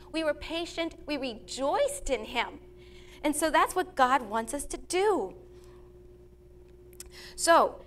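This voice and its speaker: A woman's voice: sits high, fairly bright tone, a little hiss or hum. A young woman preaching a sermon, earnest, reading scripture aloud and telling a story from her own family life. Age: young adult. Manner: tells a personal family story.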